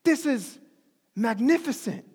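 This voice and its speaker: A high-pitched preacher delivering an unhurried, animated sermon with a joking, conversational touch. The voice rings with the long reverb of a large church hall. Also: slightly rough.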